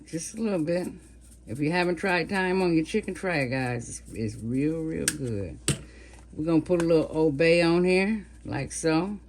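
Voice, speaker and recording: A woman's voice: sits low, moderate pace. Woman over 50, chatty cooking vlog, faint kitchen noise behind. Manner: chatty, talks to viewers while cooking. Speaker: cooking vlogger.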